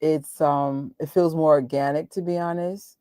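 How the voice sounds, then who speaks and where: A woman's voice: low voice, fairly even intonation, a little slow, dark tone, smooth, no echo, clean studio sound. A woman hosting a live movie watch party, ranting emotionally in outbursts and joking with frequent laughs. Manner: emotional and exclaiming, rants in outbursts. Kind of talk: live movie reaction chat.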